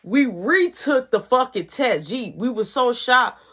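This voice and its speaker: Husky-voiced woman telling a story. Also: a little high, measured pace. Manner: animated, swings between loud and hushed. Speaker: storytime vlogger. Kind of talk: storytime narration.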